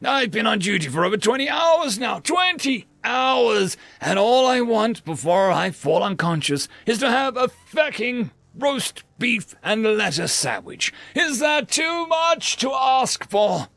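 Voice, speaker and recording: A man voicing an exhausted, furious crewman who shouts and curses at a machine. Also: high-pitched, big pitch swings, fairly quick, creaky, hardly any pauses, dry recording, soft background music, voice pushed up, full character voice. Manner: shouting, cursing, exasperated.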